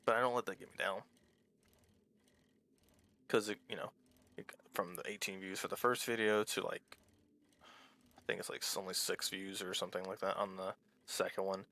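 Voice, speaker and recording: Man, let's-play commentary, gravelly fry, bright tone, rambling, candid, casual swearing. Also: sits low, level tone, normal speed, long pauses. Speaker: small YouTuber playing a game.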